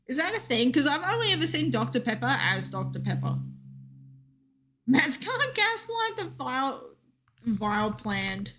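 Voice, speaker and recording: A woman's voice: high-pitched, very animated, normal speed, sharp tone, a little hiss or hum. A young woman streaming a game, chatting casually and reading out chat with joking asides.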